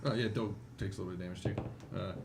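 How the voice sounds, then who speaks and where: A man's voice: low voice, fairly even intonation, fast talker, gravelly. Casual man running a tabletop game. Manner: casual, rambling, many fillers. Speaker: game master. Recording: roomy mic with faint noise.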